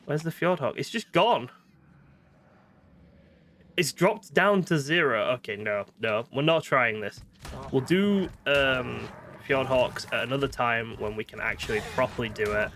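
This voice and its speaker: A man's voice: medium pitch, expressive, measured pace, a bit bright, slight background noise. A man with a northern British accent chatting casually while playing a video game, thinking aloud and poking fun at himself. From northern Britain. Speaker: gaming streamer. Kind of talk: casual gameplay commentary.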